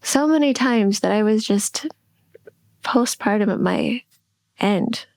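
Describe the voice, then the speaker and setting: A middle-aged woman talks openly on a podcast, her voice set at an ordinary middle pitch. She is reflective and halting, often backing up to restart a thought. The sound is dry and close, with no room echo. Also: vocal fry, a little mellow. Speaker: podcast co-host. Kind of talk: candid podcast conversation.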